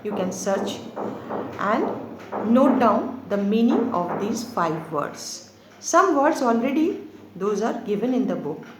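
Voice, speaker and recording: Female English teacher, Indian accent, slow careful dictation, slightly high voice, noisy echoey room. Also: sing-song. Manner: slow, repeats words and spells them letter by letter. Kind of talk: online class dictation.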